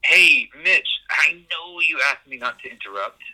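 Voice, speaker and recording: A man's voice: a little high, animated, a little slow, pushed and bright, full character voice. An actor playing a timid, eager-to-please male assistant who stammers and hesitates, heard over a tinny phone-like line. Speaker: assistant character.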